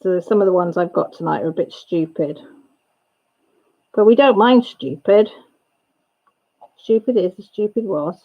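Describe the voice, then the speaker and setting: A woman's voice: medium pitch, a little slow, long pauses, highs cut off. A woman hosting a livestream, chatting casually and gossipily with viewers and laughing often. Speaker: livestream host. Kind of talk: casual chat with live viewers.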